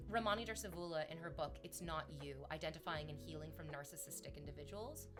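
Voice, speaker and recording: A woman streamer chatting casually and telling personal stories, digressive and chatty, with casual swearing. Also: on the low side. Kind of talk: casual chat and personal storytelling.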